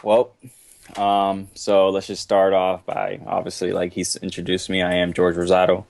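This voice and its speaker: Laid-back deep-voiced young man. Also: completely flat delivery, normal speed, vocal fry, darkish tone, no echo. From Boston, USA. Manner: laid-back, rambling with fillers. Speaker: guest athlete. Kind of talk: casual podcast chat.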